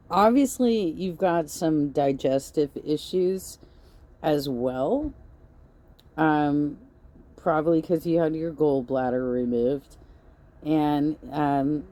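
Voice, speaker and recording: A woman hosting a reaction commentary, picking apart a clip in a sarcastic, scolding tone. She talks slowly, and her voice sounds dark and mellow. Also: low voice. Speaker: commentary host.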